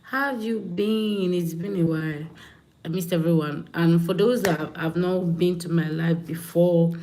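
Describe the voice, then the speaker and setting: A woman's voice: fairly low pitch, warm tone, slight background noise. A woman hosting a casual livestream, chatting with viewers and greeting them by name. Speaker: livestream host.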